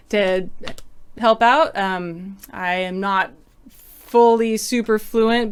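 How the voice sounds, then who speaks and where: A woman's voice: medium pitch, smooth. A woman hosting a casual livestream lesson, explaining terms and chatting as she answers viewer comments. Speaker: samba teacher hosting a livestream.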